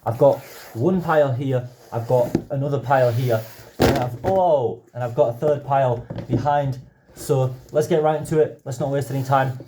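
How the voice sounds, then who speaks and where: A young man reviewing a pile of books in a casual, chatty vlog, quick to go off on enthusiastic tangents. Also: mid-range voice, background noise. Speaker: book vlogger. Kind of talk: casual book haul review.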